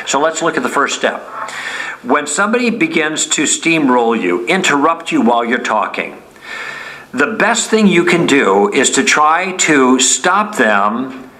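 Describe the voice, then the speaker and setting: A man's voice: mid-range voice, bright, forceful tone, low-quality recording. A man teaching a lesson in a conversational way, often checking in with "okay?" and acting out friendly sample lines. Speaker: Bible teacher. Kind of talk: teaching talk.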